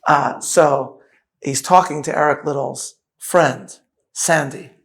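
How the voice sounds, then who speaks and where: A man's voice: on the high side, fairly even intonation, slow pace, vocal fry, fairly bright tone. A middle-aged rabbi, a man who is a witty storyteller, talking as the guest of a live onstage conversation. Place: event hall with audience.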